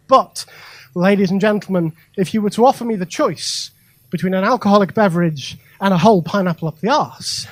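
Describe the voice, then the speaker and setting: High-voiced man doing stand-up. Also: brisk, no echo. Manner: conversational, addresses crowd directly, frequent ums and asides. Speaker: stand-up comedian. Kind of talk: stand-up comedy set. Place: comedy club stage.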